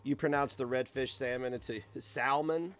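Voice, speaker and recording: A man's voice: mid-range voice, fairly even intonation, normal speed, smooth, soft background music. An American young man streaming from his computer, chatting in a rambling, crude, sarcastic way. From United States. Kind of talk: casual stream chat. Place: home computer setup.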